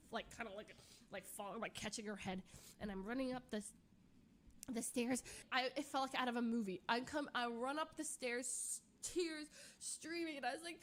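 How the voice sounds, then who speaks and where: A woman streamer casually retelling a tense, emotional story, animated and full of fillers. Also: sits high.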